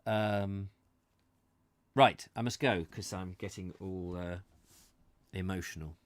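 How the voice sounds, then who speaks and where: A man in his fifties talks straight to his viewers in a slightly low voice, earnest and heartfelt. He rambles and halts, restarting sentences as he hunts for the right word. The sound is dry and close, with no room echo. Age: 50s. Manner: halting and rambling, full of restarts and searching for words. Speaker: host of a live reading channel. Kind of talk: casual live chat to viewers. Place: his own studio.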